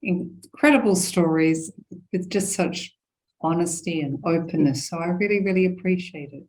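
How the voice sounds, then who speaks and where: A woman's voice: lowish voice, moderate pace, darkish tone, rough recording. Woman host thanking her guest. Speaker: podcast host. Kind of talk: interview sign-off.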